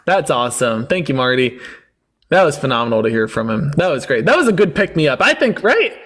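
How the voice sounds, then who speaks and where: A man's voice: medium pitch, lively intonation, a little fast, fairly bright tone. A man hosting a live-stream debate, sarcastic and laughing often as he lectures callers with facts.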